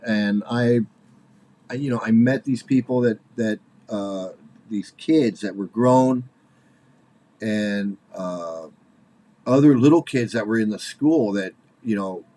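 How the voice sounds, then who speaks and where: In a medium-pitched voice with a darkish tone, a man in his forties gives casual commentary. He's worked up and angry, halting, repeating himself, and laughing nervously.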